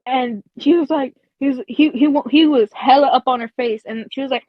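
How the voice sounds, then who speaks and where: High-voiced woman telling a casual story. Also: fairly quick, few pauses, no room sound. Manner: casual, profane, laughs between phrases, many fillers like "like". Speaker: podcast co-host. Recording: dull lo-fi dry recording.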